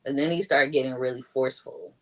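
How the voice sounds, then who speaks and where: A woman with a very deep yet fairly bright voice talks fast in a steady tone, sharing her own story as a guest. She's chatty, leans heavily on "like," and raises her voice when acting out what other people said.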